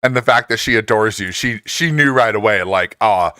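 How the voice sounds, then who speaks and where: Here a man in his forties is chatting easily with live stream viewers, going through their messages. Laughter comes often, and excitement sends his pitch jumping up. He speaks fairly quickly, the tone is clean, and the studio sound has no room noise.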